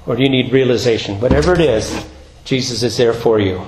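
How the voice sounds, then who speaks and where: A man preaching a sermon, rising high and loud for emphasis, then dropping low and quiet to close. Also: a little fast, echoey room, background noise. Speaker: pastor.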